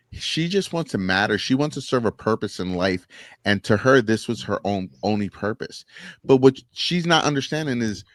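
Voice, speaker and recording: A man's voice: mid-range voice, no room sound, clean studio sound. A man co-hosting a podcast, chatting casually about a TV episode and animatedly acting out the scene's dialogue. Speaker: podcast co-host. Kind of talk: casual TV review chat.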